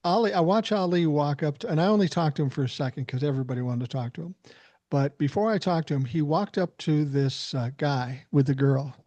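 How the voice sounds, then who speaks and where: A man co-hosting a casual podcast, telling animated stories and swearing freely. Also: a little high, a little fast, no room sound. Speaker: podcast co-host. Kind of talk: casual storytelling chat.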